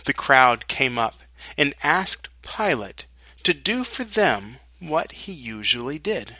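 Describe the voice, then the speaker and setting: A pastor reading a scripture passage aloud in a slow, deliberate way. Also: male voice, mid-range voice, very animated, sharp tone, dry recording. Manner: slow and deliberate reading, with dramatic quoted lines.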